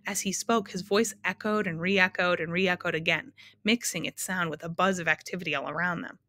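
A woman narrating a storybook aloud in a measured, expressive way. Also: lowish voice, no room sound, studio quality.

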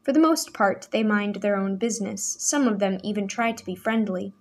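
A woman voicing a cheerful young man who speaks hastily and tries to smooth things over. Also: mid-range voice, normal speed, a little mellow, lightly acted. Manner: cheerful, hasty, conciliatory.

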